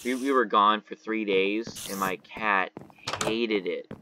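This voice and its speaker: A man giving casual gameplay commentary, jumpy and exclaiming at danger, his voice cracking when he yells. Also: lowish voice, slow, slight background noise. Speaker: gameplay video host.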